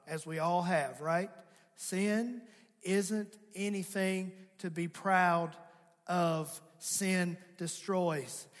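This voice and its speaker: A man preaches in a high voice, his words carried by a long church-hall reverb. He repeats key lines and pushes them out with emphatic force. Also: fairly bright tone. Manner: preaching with rising, emphatic calls and repeated refrains. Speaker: pastor. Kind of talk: sermon. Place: church sanctuary.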